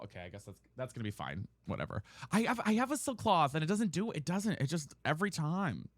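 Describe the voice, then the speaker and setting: A male streamer chatting casually with his viewers, his voice lively and swinging up and down. The tone is bright and slightly higher than most men's, and he slips easily into exasperated rants. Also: no room sound, studio quality. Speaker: live streamer. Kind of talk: casual chat while gaming. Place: room at home.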